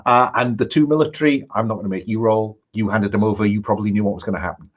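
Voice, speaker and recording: Husky-voiced man running a tabletop game. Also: fairly low pitch, highs cut off. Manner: measured, frequent ums and restarts. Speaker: game master.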